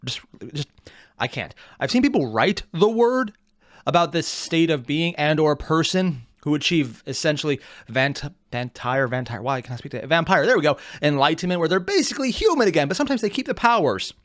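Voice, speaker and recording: Rambling, swearing man doing casual reaction commentary; slightly high, very lively pitch. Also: fairly quick, no room sound, clean studio sound. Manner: rambling, self-interrupting, swearing. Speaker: reaction video host.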